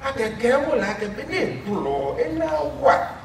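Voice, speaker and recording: A man riffing on a folktale in a high, bouncy, sing-song voice full of swoops. He is recorded from a distance in an echoey space, with clear background noise. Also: very animated, normal speed. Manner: exuberant, sing-song, laughing. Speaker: storyteller. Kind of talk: animated folktale commentary.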